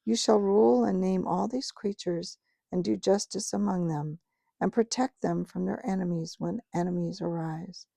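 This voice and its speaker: A woman reading aloud gives voice to a majestic male lion king, speaking in a grave, measured, commanding way. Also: on the low side, vocal fry, mellow, dry recording. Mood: solemn.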